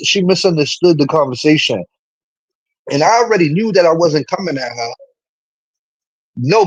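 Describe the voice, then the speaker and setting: Husky ny guy going off to his stream chat, kinda high voice, cussing a lot, dry sound. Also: no echo, low-quality recording. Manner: animated, rambling, swears often. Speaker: live streamer. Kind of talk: casual chat to a live stream audience.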